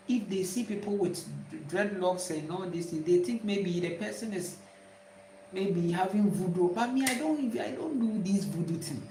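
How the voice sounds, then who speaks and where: With a mellow mid-range voice and a Ghanaian accent, a spiritual teacher speaks casually yet emphatically, often restarting and repeating herself. A roomy echo and a little hiss or hum are audible.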